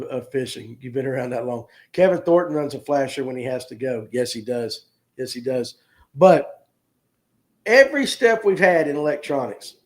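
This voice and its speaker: A man hosting a casual fishing livestream, joking with viewers and reading comments aloud. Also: a little high. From North Georgia, US. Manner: folksy, joking, talks to viewers by name. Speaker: host of a fishing livestream show.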